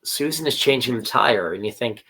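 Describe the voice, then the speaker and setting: A podcast co-host recaps a TV episode scene by scene in casual conversation, slipping into the characters' lines as he tells it. His middle-pitched voice is slightly rough, animated in a storytelling way, and moves at normal speed.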